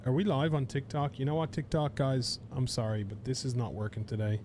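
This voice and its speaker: A man's voice: mid-range voice, steady tone, a little fast, a little mellow, a little hiss or hum. Chatty male game streamer. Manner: rambling, chatty, swears casually. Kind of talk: live game stream commentary.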